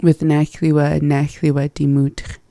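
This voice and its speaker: Gravelly low-key learner going over lesson phrases, kinda unsure, dry close sound. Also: completely flat delivery, unhurried, warm tone, no room sound. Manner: hesitant, laughing at own slips. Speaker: language learner. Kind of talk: reviewing a language lesson.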